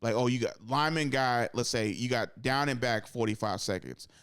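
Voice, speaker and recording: A young man talks sports on a podcast in a smooth, clear voice. He is close to the mic in a dry room. He rambles, swears freely and jumps higher when he acts out what others said. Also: normal speed, fairly bright tone, dry recording. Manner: rambling, profane, acts out quotes with sudden high-pitched bursts. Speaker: podcast co-host. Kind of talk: casual sports chat.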